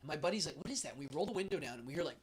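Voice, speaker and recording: Animated man telling a story. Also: fairly high pitch, rapid-fire, breathy edge. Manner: animated, rambling with many fillers. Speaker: host telling a travel story. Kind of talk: casual storytelling.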